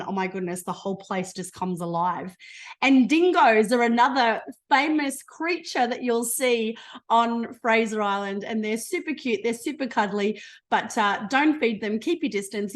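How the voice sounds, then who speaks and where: An enthusiastic Australian woman presenting a trip over slides on a video call, bubbly and chatty. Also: a little high. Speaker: travel promoter.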